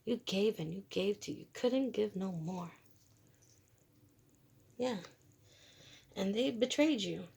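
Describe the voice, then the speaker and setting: A woman's voice: mid-range voice, lively intonation, slow, gravelly, long pauses, a little mellow, slightly rough. A woman doing a casual, rambling tarot reading, talking bluntly in slang and laughing between thoughts. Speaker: tarot reader. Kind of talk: casual spiritual reading monologue.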